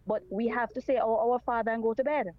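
A woman's voice: a little high, steady tone, fast, no echo, dull audio. A woman calling in to a radio talk show, speaking earnestly and repeating her points. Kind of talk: call-in radio chat.

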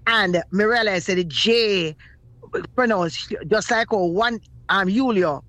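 A man's voice: sits high, takes it slowly, bright, forceful tone, no room sound. A man with a Jamaican accent co-hosting morning radio, speaking heartfelt in patois.

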